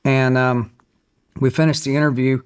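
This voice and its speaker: A man's voice: mid-range voice, flat delivery, moderate pace, smooth. Earnest man telling stories. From Tennessee, USA. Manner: earnest storyteller, acts out quotes. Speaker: guest, country singer. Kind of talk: podcast interview storytelling.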